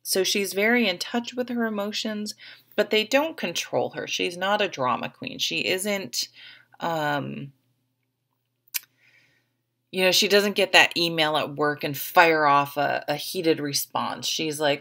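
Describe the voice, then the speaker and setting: A woman's voice: lowish voice, a little slow, gravelly, sharp tone. A woman giving a casual, chatty tarot reading to the camera, rambling a little with restarts and asides. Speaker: tarot reader.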